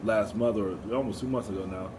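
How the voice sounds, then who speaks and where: A man's voice: fairly low pitch, brisk. A young man co-hosting a podcast, chatting in a laid-back way and acting out quotes. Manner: laid-back, laughs often, acts out quotes. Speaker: podcast co-host. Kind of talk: casual chat. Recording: background noise.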